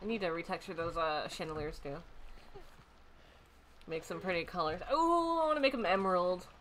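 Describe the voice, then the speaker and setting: A woman's voice: fairly low pitch, normal speed, slight background noise. A woman casually commenting on a video game she plays, swearing often and breaking into laughter. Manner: giggly, excitable, profane. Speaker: game streamer.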